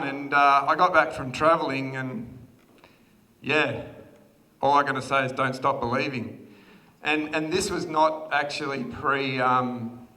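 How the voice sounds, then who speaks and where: A man's voice: mid-range voice, bright, forceful tone. An Australian man in his thirties giving a chatty, self-deprecating wedding speech as the groom, laughing often. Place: wedding reception hall. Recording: guest chatter in a large hall. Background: crowd of guests.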